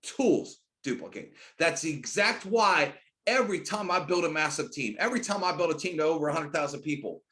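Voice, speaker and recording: A middle-aged man giving a screen-share sales training, hyped and emphatic, talking in rapid runs that jump into loud, high bursts. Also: animated. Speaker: network marketing trainer.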